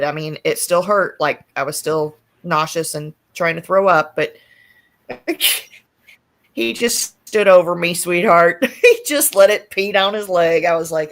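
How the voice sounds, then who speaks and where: A woman hosting a livestream in casual chat, telling a story bluntly and with profanity. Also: lowish voice. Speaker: livestream host. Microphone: streaming setup mic.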